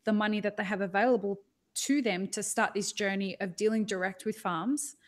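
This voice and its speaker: An Australian woman hosts a relaxed podcast interview. She is chatty and quick to joke, and her voice sits at an ordinary middle pitch for a woman. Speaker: podcast host. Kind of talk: casual interview chat.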